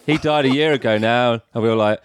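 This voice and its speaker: A man with a mid-pitched voice, recorded close and dry. He tells a long anecdote in casual podcast chat and slips into the voices of the people in his story. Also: quick pace, smooth, no room sound. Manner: animated anecdote-teller who acts out quoted people.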